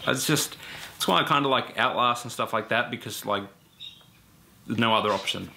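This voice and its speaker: A man's voice: medium pitch, moderate pace, vocal fry, pushed and bright, slight background noise. A man giving blunt, profane, rambling opinions on video games straight to his viewers. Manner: rambling with fillers and self-corrections. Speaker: gaming YouTuber. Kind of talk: casual opinion rant to camera.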